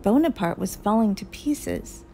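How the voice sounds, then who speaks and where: Woman reading a kids book real slow, gravelly voice, soft music behind. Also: medium pitch, lively intonation, slight background noise, low-quality recording. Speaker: storyteller. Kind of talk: children's book read-aloud.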